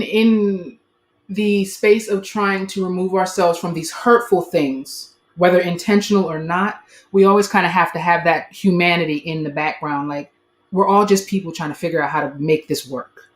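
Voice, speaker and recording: A woman's voice: fairly low pitch, fairly even intonation, moderate pace. Affirming woman host, roomy sound. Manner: thoughtful, affirming, frequent "like". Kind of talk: casual conversational interview. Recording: roomy echo.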